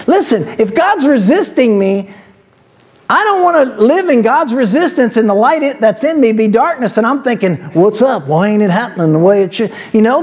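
A man delivers a sermon from the pulpit, his voice sitting noticeably high for a man. He teaches verse by verse and climbs into emphatic, preacherly exhortation. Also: a little mellow. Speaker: pastor. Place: church sanctuary.

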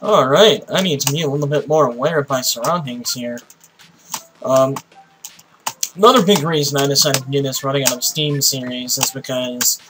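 A tired young man giving casual, profane commentary while playing a game, with sudden excited outbursts. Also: medium pitch, background noise. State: tired, sleepy voice. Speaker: let's play host.

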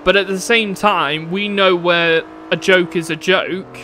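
This British streamer speaks a little slowly in a high, steady voice that sounds pushed and bright, with a bit of hiss or hum in the recording. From the United Kingdom, he plays a racing game while ranting casually, bluntly and with firm opinions, swearing at times and laughing at his own jokes.

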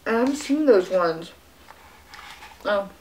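A woman's voice: medium pitch, expressive, slow pace, darkish tone, a little hiss or hum. Chatty young woman eating on camera. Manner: chatty, eating while talking, lots of fillers and mm sounds. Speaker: fitness vlogger. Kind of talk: casual mukbang chat to camera.

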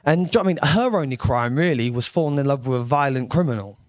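A man's voice: medium pitch, expressive, fast, no echo, clean studio sound. A young man doing a brash, sweary stand-up comedy set on a club stage.

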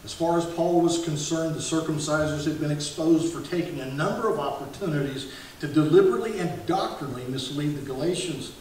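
A man's voice: on the high side, fairly quick, a little mellow. A male pastor preaching an earnest expository sermon, with occasional self-corrections, recorded in a church. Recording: echoey sanctuary from far off, hiss.

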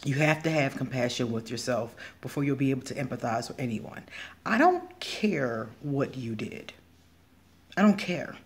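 A man's voice: medium pitch, very animated, moderate pace. A man giving blunt, emphatic advice as a spiritual healer in a casual vlog monologue.

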